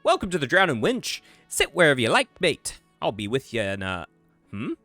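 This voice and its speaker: A man voicing a gruff, brash tavern keeper in a swashbuckling British rogue accent, reading game dialogue. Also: mid-range voice, wildly swooping pitch, moderate pace, bright, forceful tone, dry recording, soft background music, pitched above the performer's own voice, full character voice. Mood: boisterous.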